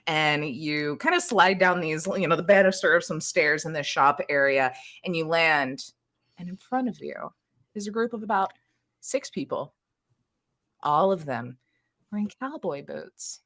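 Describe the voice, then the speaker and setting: A woman's voice: low voice, unhurried, fairly bright tone. A woman running a tabletop game as game master, narrating casually and laughing often.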